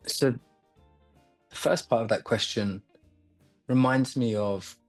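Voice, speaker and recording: A man's voice: medium pitch, soft background music. Thoughtful male actor from London. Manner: thoughtful, with frequent pauses and restarts. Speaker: actor and acting coach. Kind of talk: reflective interview answers.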